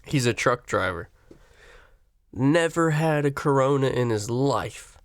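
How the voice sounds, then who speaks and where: Smooth-voiced man on a swearing rant. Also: animated, slow pace, dry recording, studio quality. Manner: swearing, rambling, pitch jumping up when worked up. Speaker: vlogger. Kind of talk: profane comedic rant.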